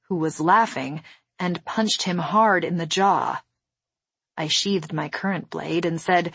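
A woman narrating a first-person novel in a steady, measured storytelling voice. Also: lowish voice, husky, dry recording. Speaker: audiobook narrator.

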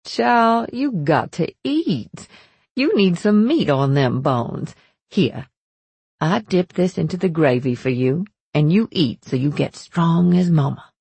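A firm, tender motherly older woman, as a woman reader puts her on in an audiobook. Her voice sits very low and gravelly, with a husky edge, and she coaxes slowly in dialect speech. The recording is close and dry. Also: expressive, a little mellow, dry recording, heavily acted. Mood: coaxing. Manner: slow, coaxing dialect speech. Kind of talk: audiobook character voice.

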